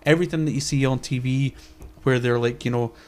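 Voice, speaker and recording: A young man co-hosting a podcast rants animatedly in casual, profane chat, swearing a lot and stammering through restarts. His mid-range voice is brisk, with fairly even intonation.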